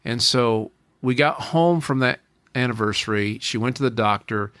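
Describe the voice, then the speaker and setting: A man's voice: medium pitch, normal speed, fairly bright tone, smooth, no echo. A man in his forties, a podcast guest, telling a personal story in an earnest way, often repeating and restarting his phrases.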